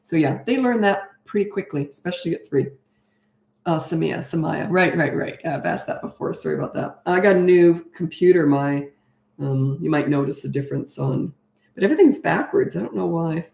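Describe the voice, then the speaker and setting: A woman's voice: low-pitched, animated, brisk, creaky, darkish tone. Chatty middle-aged woman, roomy sound. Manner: frank, chatty, laughs often. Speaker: parenting coach. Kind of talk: casual live-stream Q&A. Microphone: webcam.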